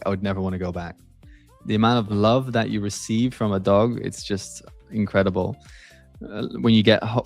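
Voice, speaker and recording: A man whose first language is Portuguese, chatting casually and laughing as he hosts a livestream. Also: on the low side. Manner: relaxed, chatty, laughs often, many fillers. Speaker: stream host.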